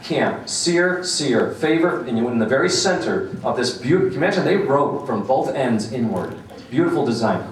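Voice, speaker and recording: A man's voice: medium pitch, slight background noise. A man giving a sermon, telling a personal story and acting out the voices of its people. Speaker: speaker. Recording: echoey room, voice from some distance.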